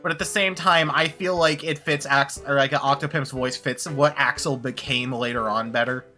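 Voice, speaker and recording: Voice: mid-range voice, steady tone, moderate pace, bright, forceful tone, soft background music. A streamer chatting casually during a video game stream, rambling and swearing, often laughing. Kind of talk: casual gaming stream chat.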